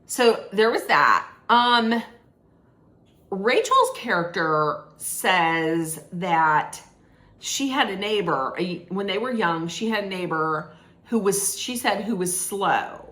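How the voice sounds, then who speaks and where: A woman's voice: medium pitch, lively intonation, slow pace, pushed and bright. A woman casually recapping a film's plot as a reviewer, rambling with restarts and lots of "like". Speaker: movie reviewer. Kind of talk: casual spoiler recap of a film.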